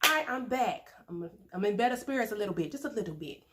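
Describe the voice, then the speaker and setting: A woman's voice: medium pitch, expressive, fast talker, noisy background. A woman, chatting playfully and laughing often as she eats on camera for her mukbang vlog. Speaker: mukbang vlogger. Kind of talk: casual chat while eating.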